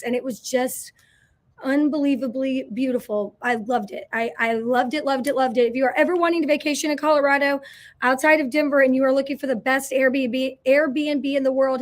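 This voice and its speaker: A high-pitched woman from Indiana chats easily on a live stream, greeting viewers by name. She is effusive and informal, talking as a company president hosting her weekly question-and-answer hour. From Indiana, USA. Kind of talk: casual live-stream chat.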